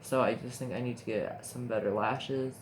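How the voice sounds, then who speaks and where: A young man chatting his way through a makeup tutorial, rambling and easily excited, with his voice sitting in a middling pitch. He often talks to himself as he films on a phone, and a steady hiss of background noise runs under the recording. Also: moderate pace. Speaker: makeup vlogger. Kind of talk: casual makeup tutorial chat. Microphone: phone camera.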